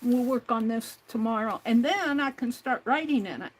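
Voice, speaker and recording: A woman's voice: fairly high pitch, normal speed, slightly rough. Chatty woman crafting at her desk. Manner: chatty, talks herself through each step. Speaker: craft channel host. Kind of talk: casual crafting livestream narration.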